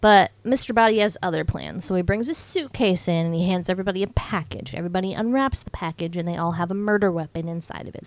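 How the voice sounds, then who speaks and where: A young woman on a podcast, telling a film's story in a loose, chatty way and dropping into quick voices for the characters. Her voice sits in a middle register. The sound is dry, with no room echo. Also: medium pitch. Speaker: podcast co-host. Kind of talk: casual chat recapping a film.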